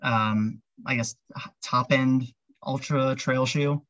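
A man's voice: mid-range voice, fairly even intonation, slow pace, fairly bright tone, no room sound. Rambling man talking shoes, dull audio. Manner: rambling, heavy with fillers like "um" and "like". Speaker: podcast guest, ultrarunner. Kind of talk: casual interview chat.

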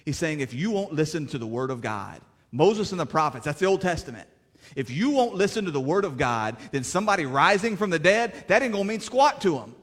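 A man preaching a sermon as pastor, in plainspoken, folksy words, swinging between fervent raised passages and hushed, quiet stretches. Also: a little high, big pitch swings, fairly quick. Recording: reverberant hall.

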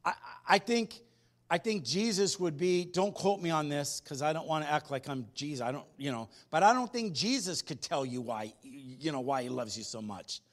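Animated pastor, loud then hushed. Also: male voice, on the high side, normal speed. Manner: animated storytelling, swings between loud and hushed. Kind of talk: sermon. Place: church sanctuary.

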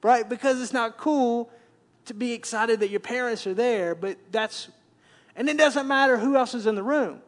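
A man's voice: very high voice, moderate pace. A man, preaching a conversational sermon and repeating words as he builds up. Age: 40s. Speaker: pastor.

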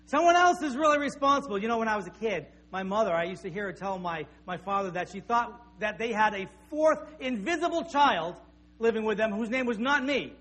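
High-voiced pastor preaching. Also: male voice, expressive, brisk, a bit bright. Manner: conversational, anecdotal, with repeated restarts. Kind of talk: sermon.

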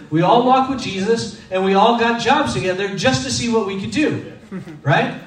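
A Texas man in his thirties with a high, slightly bright voice delivers a sermon as casual, humorous stories, often poking fun at himself. The room echoes and the mic is placed far away.

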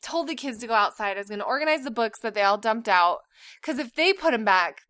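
A woman in her thirties co-hosting a podcast in casual chat, telling animated stories and laughing often. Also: sits high, dry recording, studio quality. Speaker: podcast co-host.

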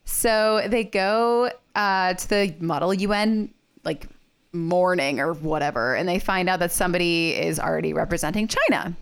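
Chatty young woman with a smooth voice. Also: lowish voice, moderate pace. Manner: chatty, heavy use of "like", laughs often. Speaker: podcast co-host. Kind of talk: casual chat recapping a movie.

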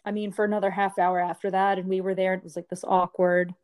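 A woman's voice: medium pitch, little pitch movement, quick pace, darkish tone, clear, resonant tone. Chatty woman telling a rambling story. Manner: rambling storyteller, many "like" fillers. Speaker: podcast co-host. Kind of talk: casual chat.

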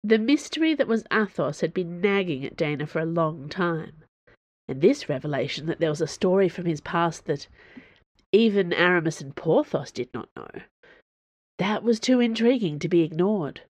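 A woman reads her own fiction aloud as host of her story podcast. Her voice sits a little low and the sound is close and dry. The reading is measured and expressive. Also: no echo. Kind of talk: storybook narration.

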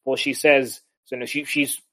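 A man's voice: medium pitch, level tone, moderate pace, fairly bright tone. A man co-hosting a podcast in a casual literary discussion, rambling with many restarts and chuckles. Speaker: podcast co-host.

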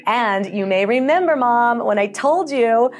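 A woman's voice: on the high side, animated, a little slow, soft background music. A woman from Colorado, a health organization CEO, speaking earnestly as a podcast interview guest with occasional fillers.

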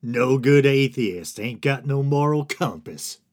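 A man's voice: medium pitch, animated, slow pace. A man voicing a mocking caricature of a religious zealot in an exaggerated Southern accent, drawn out and scornful. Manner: drawling, scornful lampoon.

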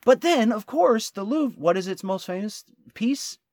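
A man co-hosting a casual travel talk, his voice sitting slightly high for a man. He gets excited, laughs often and stumbles over his words as he rushes ahead. The sound is dry and close, with no room echo. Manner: excitable, laughs often, restarts when eager. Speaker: travel vlog co-host.

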